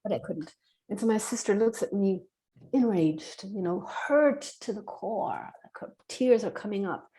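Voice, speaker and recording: A woman telling a personal story as a podcast guest, earnest, acting out dialogue in a hushed voice. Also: medium pitch, expressive, a little slow.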